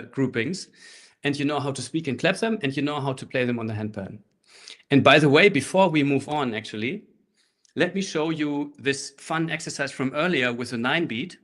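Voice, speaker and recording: A man teaching a live online handpan workshop through a laptop microphone, explaining rhythms in a relaxed way and speaking rhythm syllables while he plays. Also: mid-range voice. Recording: laptop mic with handpan music. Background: handpan playing.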